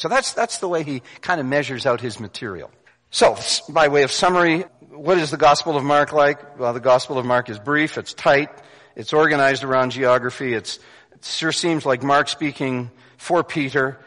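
A male preacher giving a sermon, animated and acting out voices, then dropping to hushed emphasis. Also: mid-range voice, unhurried. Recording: long hall reverb.

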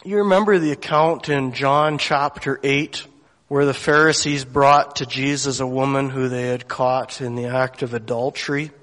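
A man's voice: mid-range voice, steady tone, normal speed, a bit bright, big-room sound. A man preaching a sermon, telling a story earnestly and emotionally, acting out the dialogue of the people in it.

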